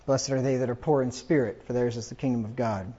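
A man's voice: mid-range voice, steady tone, fast, mellow, husky, lo-fi sound. A man preaching a funeral sermon, reading scripture aloud with rising emphasis.

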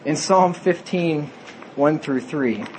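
A man's voice: on the high side, slow, a little hiss or hum, rough recording. A man preaching a sermon, reading scripture aloud and explaining it plainly.

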